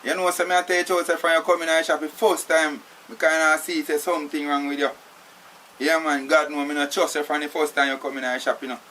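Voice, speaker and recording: A man's voice: a little high, level tone, fairly quick, sharp tone, a little hiss or hum. An actor with a Jamaican accent playing a tied-up young man who insistently demands to be let go, tagging "you know" onto his lines. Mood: mocking. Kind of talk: acted film drama.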